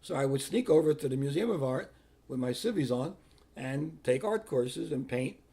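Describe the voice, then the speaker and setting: A man's voice: mid-range voice, animated, moderate pace, dark tone, husky. An older man, once a priest, telling his life story plainly in an interview and acting out other people's words. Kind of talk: personal storytelling.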